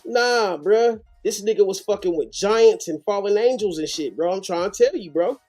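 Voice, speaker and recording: A man's voice: high voice, normal speed, a little mellow, faint music behind. A man hosting a live reaction show, commenting animatedly with heavy slang and profanity. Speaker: host.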